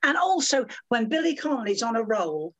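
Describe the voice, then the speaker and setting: An older woman telling lively anecdotes as an interview guest, theatrical and calling people dear and my love. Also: fairly high pitch, normal speed, dull audio.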